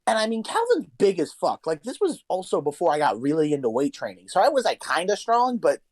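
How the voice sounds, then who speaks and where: A man's voice: high voice, wildly swooping pitch, a little fast, dry recording. A young man co-hosting a podcast, telling a story in casual chat, swearing a lot and talking with animation. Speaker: podcast co-host.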